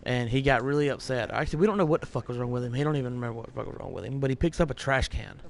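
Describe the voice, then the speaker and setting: A man's voice: medium pitch, rapid-fire, vocal fry. A man telling rambling, profane stories in casual chat over a gaming headset.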